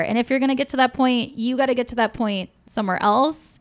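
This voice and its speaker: Smooth-voiced young woman, frank and chatty. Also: on the high side, a little fast. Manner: frank, swears freely, lots of fillers. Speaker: podcast guest. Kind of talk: casual podcast chat.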